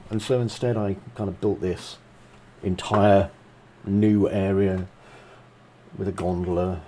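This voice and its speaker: Casual, chatty game developer with a low voice and faint background noise. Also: male voice, fairly even intonation, slow, warm tone, low-quality recording. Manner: chatty and self-mocking, with frequent asides. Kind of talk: casual gameplay commentary.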